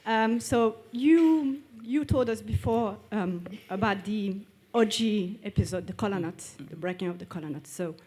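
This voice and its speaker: A woman speaks from the audience at a live event, asking the guest a question. She is polite and a little hesitant, pausing on fillers as she goes. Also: mid-range voice, darkish tone, slightly rough.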